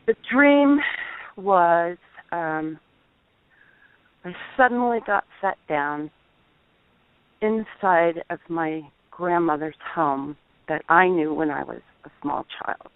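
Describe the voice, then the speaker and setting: A middle-aged woman calling in, telling a personal testimony in an earnest, halting way, over the phone. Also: lowish voice, clean tone, no room sound. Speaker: caller. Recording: tinny dry phone line.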